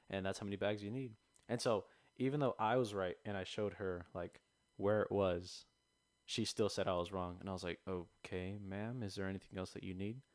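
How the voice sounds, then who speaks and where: Young man telling a lively story. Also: low-pitched, no room sound. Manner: animated storytelling, acts out customers. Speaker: podcast co-host. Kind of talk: casual chat. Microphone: close podcast mic.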